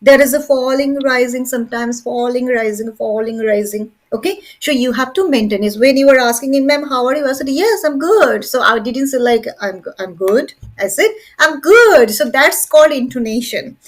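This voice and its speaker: A woman's voice: a little high, a little fast, hardly any pauses. A woman teacher, lecturing a class and stressing each point with repeated "okay" and "very important". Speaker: English teacher.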